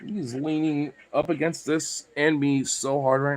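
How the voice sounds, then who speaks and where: A man's voice: on the high side, little pitch movement, a little slow. A man vlogging in a rambling, filler-heavy casual chat, now and then talking to his dogs.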